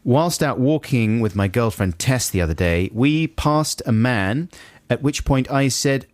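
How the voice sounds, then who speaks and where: A man's voice: mid-range voice, measured pace, few pauses, dry recording. A man co-hosting a comic radio show, chatting and reading out listener emails, acting out the quoted lines. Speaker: radio co-host.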